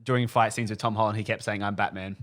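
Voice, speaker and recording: A man's voice: fairly low pitch, little pitch movement, quick pace. A young Australian man co-hosting a podcast, chatting casually in short easygoing remarks. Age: young adult. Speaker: podcast co-host. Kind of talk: casual chat.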